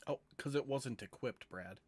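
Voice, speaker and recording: A man narrating a tabletop game as game master, relaxed and casual, over an online call. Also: mid-range voice, normal speed, husky, dry recording.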